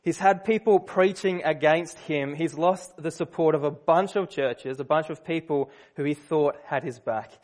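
A man preaching a sermon, telling a story in a relaxed, conversational way with fillers and restarts. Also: fairly high pitch, normal speed, few pauses.

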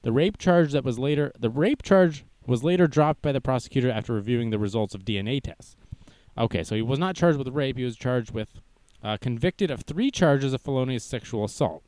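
A man's voice: medium pitch, expressive, a little fast, a little mellow, no room sound. A young man hosting a casual livestream news show, joking and self-deprecating as he goes. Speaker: news stream host.

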